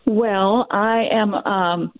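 A woman's voice: mid-range voice, fairly even intonation, extremely slow, no room sound. An older woman calling in to a radio show, speaking in a friendly, slightly hesitant way. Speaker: caller. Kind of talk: call-in radio question. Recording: tinny dry phone line.

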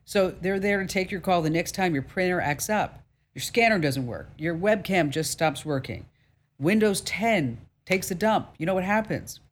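A woman's voice: on the low side, lively intonation, normal speed. A woman hosting a radio tech talk show, brassy and jokey, with emphatic delivery and playful asides.

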